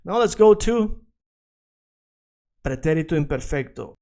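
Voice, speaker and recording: In this video language lesson, a Spanish teacher with a dark, slightly high, expressive voice speaks at a measured pace. He's patient, going over words more than once and pausing to ask "all right?"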